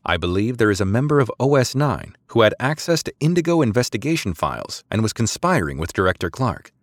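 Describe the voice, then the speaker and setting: Brief: male narrator doing an ambitious female officer, crisp, formal, quietly sure of herself, lively delivery, dry close sound. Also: medium pitch, brisk, dry recording. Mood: coolly confident. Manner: formal, precise, coolly confident. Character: poised, ambitious female naval lieutenant.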